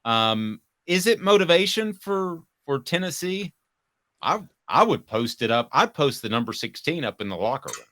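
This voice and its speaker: A man's voice: fairly high pitch, normal speed, dry recording. A man hosting a casual sports talk podcast, asking questions and giving his takes. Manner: lively, reads a sponsor spot.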